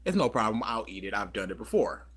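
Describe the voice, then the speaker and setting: A man's voice: on the low side, very animated, fast, fairly bright tone, slightly rough. A man co-hosting a podcast, chatting casually and telling a rambling story full of fillers and self-corrections. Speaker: podcast co-host.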